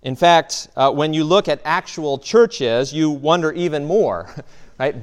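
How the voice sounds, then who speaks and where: A man's voice: fairly high pitch, takes it slowly. A man, a pastor, preaching a sermon in a conversational way, often checking in with "right?" and restarting phrases.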